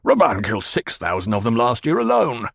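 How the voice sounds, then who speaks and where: Man voicing a pompous old villain baron, demanding, petulant, gravelly, husky. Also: medium pitch, huge pitch swings, a little fast, no room sound, studio quality, heavily acted. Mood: blustering.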